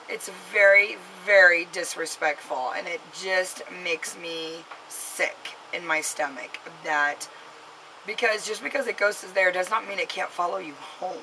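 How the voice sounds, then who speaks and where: Mom vlogging, crackly voice, talks in circles w lots of "you know", scolding tone. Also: female voice, lowish voice, a little slow, pushed and bright. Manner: rambling, heavy with fillers and restarts; earnest, scolding warning. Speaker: vlogger, mother. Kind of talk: casual storytelling to camera.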